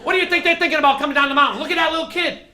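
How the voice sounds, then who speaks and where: A man doing stand-up, telling stories with animated voices for worried adults and excited kids. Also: very high-pitched, very fast. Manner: animated storytelling, acting out anxious inner voices. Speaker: stand-up comedian. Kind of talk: stand-up routine. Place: comedy club stage. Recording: live club recording, echoey room with audience laughter. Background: audience laughing.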